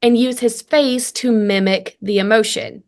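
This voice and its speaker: A woman's voice: on the high side, a little slow. Earnest woman coach telling family stories. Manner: earnest, animated storyteller who acts out dialogue. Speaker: guest, family communication coach. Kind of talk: conversational interview.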